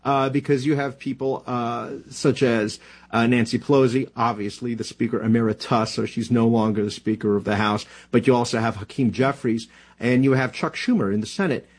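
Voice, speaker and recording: A man's voice: mid-range voice, fairly even intonation, slightly rough. A man from New Jersey, a political commentator talking casually in a radio interview, with lots of fillers and restarts. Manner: halting, many fillers and restarts.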